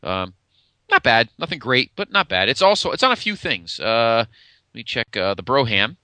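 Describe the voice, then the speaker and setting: A man's voice: medium pitch, normal speed, no echo. A man co-hosting a podcast, chatting casually and loosely about old wrestling matches with lots of fillers and restarts. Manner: animated, meandering, many fillers. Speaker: podcast co-host. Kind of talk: casual chat reviewing old wrestling shows.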